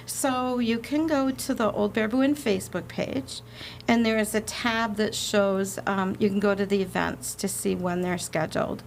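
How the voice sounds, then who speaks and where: Woman, podcast guest, lively storyteller, gravelly, faint noise. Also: mid-range voice, normal speed. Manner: animated, laughing, acts out quotes. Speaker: guest, haunted inn representative. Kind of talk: casual storytelling chat.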